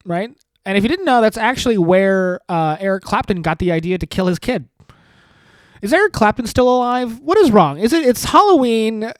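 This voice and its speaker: A man hosting a solo comedy podcast, rambling through self-mocking dark jokes and sarcastic asides. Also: high-pitched, dry recording. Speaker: podcast host.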